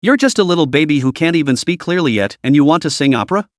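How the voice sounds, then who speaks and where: Giggly godmother teasing a toddler in an audiobook, swoopy lively voice, dry close sound, a man reading her part. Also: on the high side, fast talker, dry recording, lightly acted. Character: teasing playful godmother, a woman.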